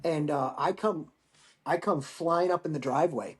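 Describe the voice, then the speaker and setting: A middle-aged man, a guest talking over a remote call, telling war stories in a profane, animated way. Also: on the high side, normal speed. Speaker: guest, Marine veteran. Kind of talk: casual storytelling interview.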